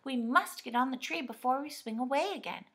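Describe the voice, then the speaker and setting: A woman voicing a sensible, quick-thinking young girl in a storybook, talking in an earnest way. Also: high voice, fairly bright tone, voice pushed up.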